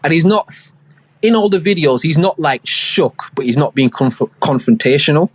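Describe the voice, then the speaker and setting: Husky man telling a long story. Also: on the high side, expressive, moderate pace. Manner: rambling storytelling full of slang and fillers. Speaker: podcast co-host. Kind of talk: casual chat.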